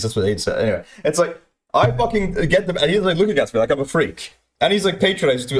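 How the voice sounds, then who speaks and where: A man's voice: very animated, soft background music. Aggrieved young man ranting a story. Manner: aggrieved, profane, repetitive, fast-swinging pitch. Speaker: streamer telling a story. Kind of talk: ranting anecdote.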